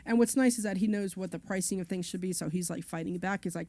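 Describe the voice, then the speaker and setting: A woman's voice: on the low side, fairly even intonation, quick pace, few pauses, dark tone, no echo. A woman co-hosting a radio talk show, telling long, chatty stories about her property deals. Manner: chatty, long-winded storytelling. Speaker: co-host.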